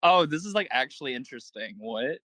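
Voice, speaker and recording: A man's voice: mid-range voice, expressive, fairly quick, crowd noise. A man co-hosting a casual podcast, teasing the others and giggling, sometimes stumbling as he reads facts aloud. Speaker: podcast co-host.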